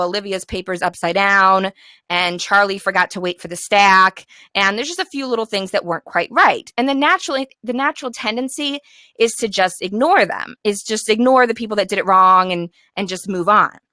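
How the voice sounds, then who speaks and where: A woman's voice: medium pitch, bright, forceful tone, no echo. A young woman giving encouraging classroom management tips to fellow teachers, sometimes acting out the instructions she gives her class. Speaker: teacher trainer.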